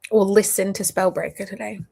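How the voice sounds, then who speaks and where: A woman co-hosting a casual reading chat, relaxed with brief replies. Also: mid-range voice, fairly quick, vocal fry, slightly rough, dry recording.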